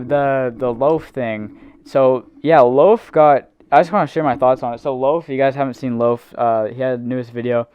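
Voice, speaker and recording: A man's voice: mid-range voice, smooth, lo-fi sound. A young man co-hosting a casual podcast, rambling through a story with lots of fillers. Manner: rambling storytelling, heavy use of like and um. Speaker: podcast co-host. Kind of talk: casual chat.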